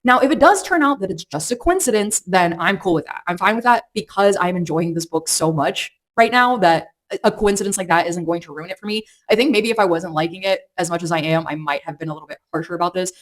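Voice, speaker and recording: A woman's voice: fairly low pitch, quick pace, few pauses. A woman chatting casually through a book review vlog, rambling with lots of fillers and restarts. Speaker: book vlogger.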